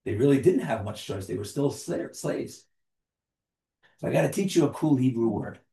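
A man's voice: medium pitch, lively intonation, normal speed, vocal fry, mellow, roomy sound. A man leading an interactive class, who asks the group questions and jokes with them as he explains.

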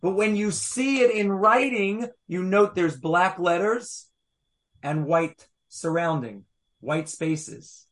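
Emphatic higher-voiced male Torah teacher. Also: slow, a bit bright. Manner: emphatic, asks rhetorical questions, reads verses aloud. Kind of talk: animated text study with a small group.

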